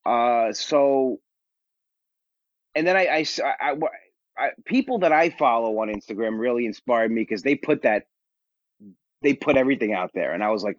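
A man who works as a stand-up comedian tells blunt, self-mocking stories as a podcast guest. His voice sits at a middling pitch. The recording is dry and a little dull, with a lo-fi edge. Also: animated, no echo. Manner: blunt, self-deprecating, quick to get defensive. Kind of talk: candid podcast storytelling.

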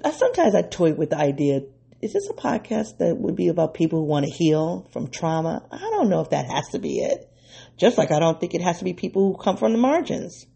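A woman with a low, gravelly voice talks through an unscripted solo podcast episode. Her tone is dark and a little husky, and she rambles with excitement and laughs often. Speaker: podcast host.

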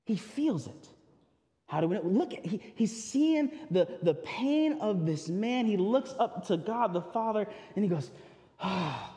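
A male pastor preaching a sermon in a lively, conversational way. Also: high-pitched, measured pace. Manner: animated, conversational, acts out voices and laughs. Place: church sanctuary. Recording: long hall reverb.

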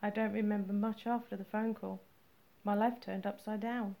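A woman reading the part of a grieving, angry man who is a detective, speaking slowly and bitterly. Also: mid-range voice, flat delivery, vocal fry, mellow, close to an everyday voice. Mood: detached. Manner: slow, measured, bitter. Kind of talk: audiobook character reading.

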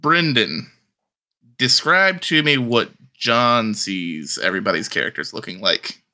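A man's voice: medium pitch, expressive, unhurried, bright, forceful tone. A man running a tabletop game, speaking in a teasing, secretive way. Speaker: game master. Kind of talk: casual tabletop game chat.

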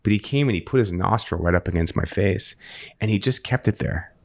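A man as a podcast guest, telling an earnest, animated story in casual conversation and often repeating words as he restarts a thought. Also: low-pitched, brisk, creaky.

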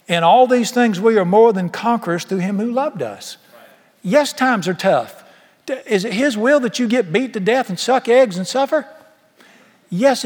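A man's voice: high voice, big-room sound. A man preaching a sermon in a large church, folksy and emphatic, firing rhetorical questions at the congregation. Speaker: pastor.

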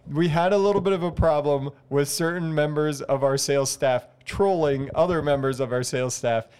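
A man's voice: a little high, moderate pace, a little mellow, smooth. A man in casual conversation as a podcast co-host, wry and teasing, telling office stories. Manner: wry, teasing, laughs often. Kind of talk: casual chat.

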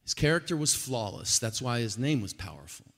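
A male preacher gives an animated sermon. He sounds bright and forceful, and his pitch leaps around. A long reverb rings through the large hall. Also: brisk. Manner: animated, swings from quiet to loud.

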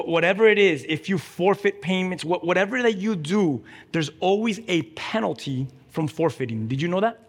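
A man's voice: high-pitched, big-room sound. A man preaching a sermon as pastor, urging the congregation directly and with emphasis.

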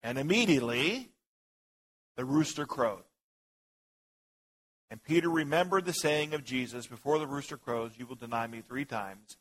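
A man leading an interactive sermon in a church hall, reading scripture aloud and asking the group questions in a teasing, lively way. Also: medium pitch, normal speed, pauses often, husky. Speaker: pastor leading Bible study. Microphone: handheld microphone.

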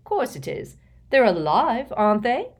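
A woman's voice: on the high side, sing-song, a little slow, pitched above the performer's own voice, exaggerated voice. Cast: cocky, defiant teen prankster boy, read by a woman narrator. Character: brash teenage boy prankster twin.

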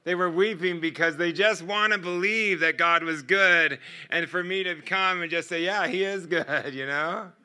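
A middle-aged man telling stories as a guest speaker in a sermon, animated and often laughing between lines. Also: sits high, moderate pace, clean tone. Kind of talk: sermon storytelling.

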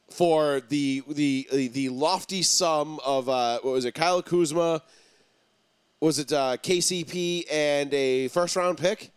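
A man runs a casual sports talk show, pressing his opinions with emphatic swells and little pauses for effect. His voice sits a touch high. The sound is dry and close, with no room around it. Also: clear, resonant tone, no room sound. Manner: emphatic, argumentative, drawn-out pauses. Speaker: podcast host.

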